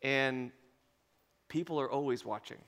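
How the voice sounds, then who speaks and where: A man preaching a sermon as pastor, telling a story with lively acted-out dialogue and bursts of laughter. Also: medium pitch, a little slow. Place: church auditorium. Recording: long reverb of a large hall.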